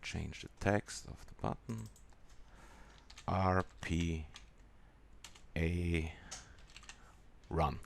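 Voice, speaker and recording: A man with a German accent walking through a software tutorial in a halting way, with many pauses and fillers. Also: low voice, creaky, a little hiss or hum. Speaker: software demonstrator.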